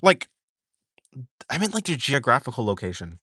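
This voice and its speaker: A man's voice: medium pitch, sing-song, moderate pace, bright, forceful tone, slightly rough, no room sound, studio quality. A man chatting casually on a livestream, reading viewer questions aloud and answering them in a rambling way, full of fillers and self-corrections. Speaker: art streamer chatting with viewers.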